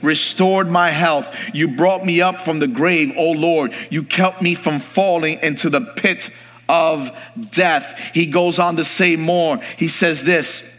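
Man, pastor, sermon, bright forceful voice, swings from hushed to shouting, long hall reverb. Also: fairly high pitch, fairly even intonation, slow. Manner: swings from hushed to shouted, calls for congregation response.

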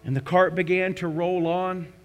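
Male pastor, high tenor, impassioned sermon delivery with hushed prayerful stretches, faint music under. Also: fairly even intonation, moderate pace. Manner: impassioned storytelling, rising to cries then hushing to prayer.

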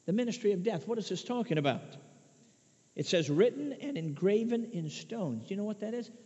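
A man from Chicago preaching a sermon, emphatic, swinging between loud declarations and hushed asides. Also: high-pitched, expressive, brisk. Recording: dull lo-fi sound with long reverb.

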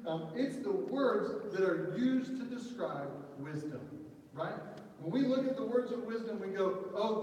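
A Southern man in his thirties preaches in a high, bright voice, his words echoing through a large hall. He sounds distant from the microphone, keeps a relaxed, conversational tone, and often checks in with the room. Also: a little hiss or hum. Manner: conversational, repeats "right?" as a check-in. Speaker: pastor. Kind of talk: sermon. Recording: echoey hall, mic far off.

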